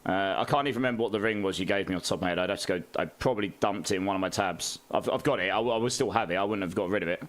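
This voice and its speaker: A man's voice: low voice, rapid-fire, hardly any pauses. A man, chatting casually on a game live stream, greeting viewers and laughing often.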